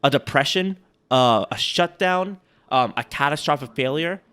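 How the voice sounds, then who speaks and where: A man's voice: on the high side, expressive, moderate pace, fairly bright tone, clear, resonant tone. A man co-hosting a casual chat, rambling and joking as he critiques sales emails, often breaking off mid-sentence. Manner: rambling, self-interrupting, joking. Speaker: podcast co-host.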